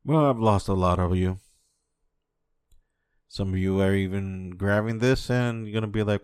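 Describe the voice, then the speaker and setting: A man hosting an off-the-cuff podcast rant, swearing heavily and impassioned, swinging between quiet musing and a raised voice. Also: on the low side, moderate pace, long pauses, clean tone, no echo, studio quality. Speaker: podcast host.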